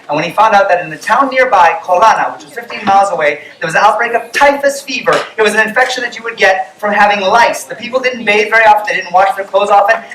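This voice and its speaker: High-voiced man telling a lively story. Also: reverberant, distant mic, poor audio. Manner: animated, acts out voices of characters. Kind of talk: storytelling to children. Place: camp meeting tent.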